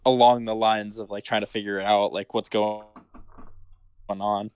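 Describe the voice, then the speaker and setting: A man's voice: lowish voice, flat delivery, measured pace, darkish tone, clear, resonant tone. A man co-hosting a casual podcast, reacting to a friend's story and then chiming in with his own thoughts. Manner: listening and reacting with short interjections. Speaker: podcast co-host. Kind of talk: casual chat.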